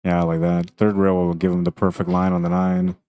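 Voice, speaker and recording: His voice sits low and moves fairly quickly, though the highs are cut off. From the tournament venue he casually commentates a pool stream, laughing plenty and reading viewer comments between shots.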